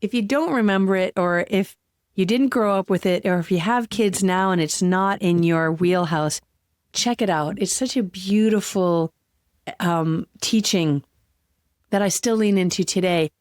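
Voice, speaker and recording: A woman hosting a solo podcast, talking candidly and with heartfelt, gentle emotion. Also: mid-range voice, unhurried, no echo, studio quality. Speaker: podcast host.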